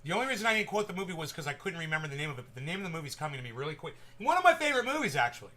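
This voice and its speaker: A man chatting casually to viewers at home, rambling and swearing, jumping from loud bursts to mumbling. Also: a little high, very animated, racing. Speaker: cannabis vlogger. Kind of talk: casual stoned chat to viewers.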